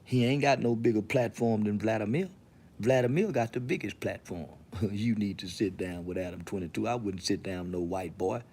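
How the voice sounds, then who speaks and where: A man's voice: lowish voice, darkish tone, slightly rough. A man from Texas with a Southern accent, hosting his podcast alone in a profane, swaggering, mocking rant. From Texas, USA. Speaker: podcast host. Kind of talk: solo monologue to camera.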